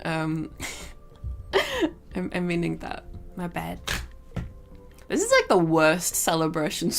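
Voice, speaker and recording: A woman's voice: on the low side, fairly bright tone. A young woman streaming live, chatting casually and rambling, with frequent giggles and casual swearing. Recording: faint game music behind.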